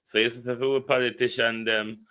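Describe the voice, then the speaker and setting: Speaking quickly with a flat delivery, this Jamaican-accented livestream host has a medium-pitched voice that's bright, forceful and smooth. He loosely chats, calling out viewers by name and reciting a phone number. The audio comes through a phone or computer microphone.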